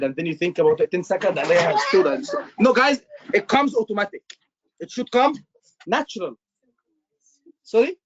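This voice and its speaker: Man, exam tutor, animated, repetitive, muffled lo-fi recording. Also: sits high, moderate pace, pauses often. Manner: animated, repetitive, acts out doctor lines. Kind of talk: live teaching session.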